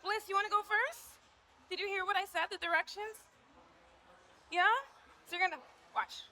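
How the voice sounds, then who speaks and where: Bright, high-voiced woman coaching on stage. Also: fairly even intonation, moderate pace. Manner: upbeat, encouraging, hypes up volunteers. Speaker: posing coach. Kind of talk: live stage workshop. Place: stage before a live audience. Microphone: handheld mic.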